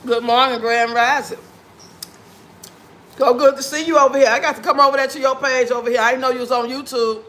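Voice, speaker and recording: A man with a very high, bright, sharp voice hosts a casual livestream chat while he eats. He talks with food in his mouth and answers his viewers with blunt, sassy trash talk. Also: steady tone, fairly quick. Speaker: livestream host.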